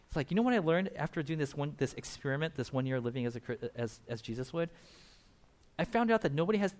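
A man preaching a sermon in a conversational, animated way, laughing now and then and adding asides. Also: on the high side. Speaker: pastor.

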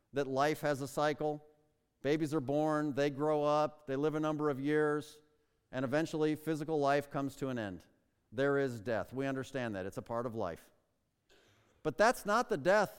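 A man's voice: on the high side, clean tone. Emphatic male preacher in a reverberant hall. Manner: emphatic preaching with rhetorical questions, slows down to stress words. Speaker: pastor. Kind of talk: sermon. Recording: long reverb of a large hall.

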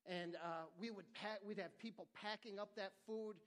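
High-voiced earnest male pastor preaching. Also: steady tone, normal speed, a bit bright. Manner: earnest, conversational preaching with repeated restarts. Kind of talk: sermon.

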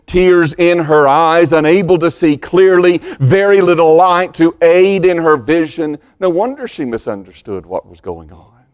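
A man preaching a sermon as pastor, slow and deliberate, dropping to a hushed voice when quoting scripture. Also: on the high side.

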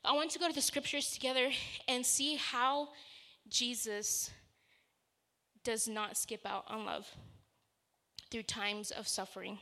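A woman preaching a sermon uses a bright, forceful voice pitched a bit high, keeping her intonation fairly even and her pace measured, with long pauses. Her manner is earnest and conversational as she shifts from a personal story into scripture.

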